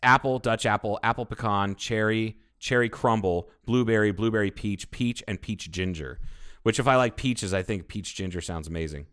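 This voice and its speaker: Profane, rambling podcast host. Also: male voice, on the low side, normal speed, fairly bright tone, clean tone. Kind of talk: casual chat.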